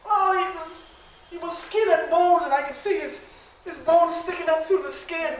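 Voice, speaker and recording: A woman's voice: very high-pitched, normal speed. A woman playing a devout, determined formerly enslaved mother who tells her own story in an emotional first-person stage monologue. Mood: grieving. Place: large echoey library room. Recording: echoey room from far off.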